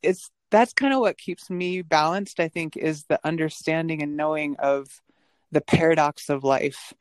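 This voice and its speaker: A woman's voice: low voice, moderate pace, dry recording. A woman guest on a podcast who answers in an earnest, searching way, restarting her sentences and laughing between thoughts. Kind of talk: casual reflective interview talk.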